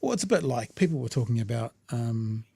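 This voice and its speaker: A man's voice: medium pitch, expressive, brisk, vocal fry, warm tone, breathy edge, no echo. A male co-host, chatting casually and reading out live chat comments.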